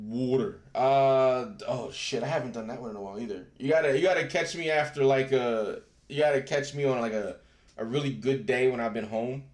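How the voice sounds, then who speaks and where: A man hosting a live stream, chatting casually with viewers. He swears freely and laughs often. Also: medium pitch. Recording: roomy echo.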